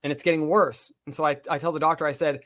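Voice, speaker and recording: A man's voice: fairly high pitch, flat delivery, fast talker, fairly bright tone. A man co-hosting a podcast, telling a personal story in a casual, profane and vivid way. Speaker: podcast co-host.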